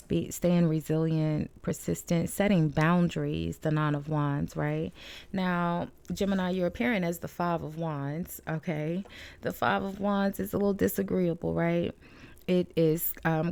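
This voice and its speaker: A woman's voice: low voice, gravelly, darkish tone, no echo. A woman tarot reader, chatty and rambling with frequent laughs, giving a casual reading at home. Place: home room with balcony door shut.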